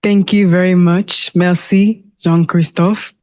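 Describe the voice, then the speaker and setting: A young adult architecture student moderating the question session after a lecture, speaking in a measured, even way. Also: medium pitch. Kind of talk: event moderation.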